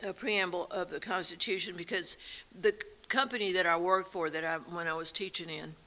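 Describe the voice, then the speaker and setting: A woman co-hosting a faith and politics talk show, telling stories in an animated way and laughing often. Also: fairly low pitch, fairly quick. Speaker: co-host. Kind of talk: casual talk show chat.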